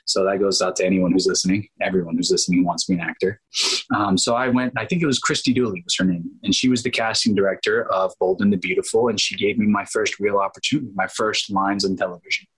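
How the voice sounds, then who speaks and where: A man in his thirties, an actor appearing as an interview guest, tells stories in a lively, casual way, laughing often and acting out quotes. He talks fast in a deep, slightly rough voice, and the recording is low quality.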